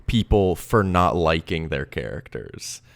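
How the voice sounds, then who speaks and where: A young man co-hosting a movie podcast, chatting casually and animatedly, with quick asides and self-corrections. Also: deep voice, sing-song, creaky. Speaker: podcast co-host.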